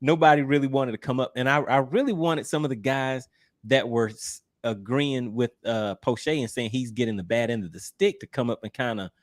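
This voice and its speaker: A man's voice: medium pitch, normal speed. A man hosting a livestream, reading viewer comments aloud in an easygoing, teasing way and laughing often. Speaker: livestream host.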